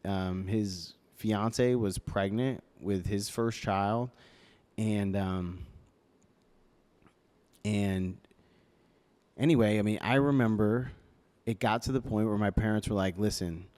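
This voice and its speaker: A man's voice: on the low side, fairly even intonation, slow pace, pauses often, darkish tone. A young man as a podcast guest, telling a personal story hesitantly, with many fillers and restarts. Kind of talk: casual storytelling interview. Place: podcast studio. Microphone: podcast microphone.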